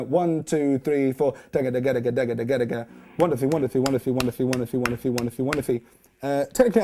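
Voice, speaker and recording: A man's voice: a little high, slight background noise. A young man giving a casual, jokey guitar lesson, counting beats and scatting rhythms aloud. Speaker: guitar teacher. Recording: loud guitar playing under the voice.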